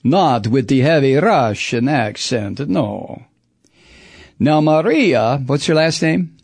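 Gravelly, profane man ranting. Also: on the high side, slow pace, no room sound. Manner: animated, profane, rambling with sudden whoops. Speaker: political commentator. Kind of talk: profane political rant.

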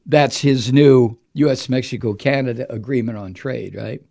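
A man's voice: medium pitch, fairly even intonation, normal speed, creaky, few pauses, warm tone. A man hosting political commentary, angry and sarcastic, swearing freely as he reads and mocks the news. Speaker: host. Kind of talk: political commentary talk show.

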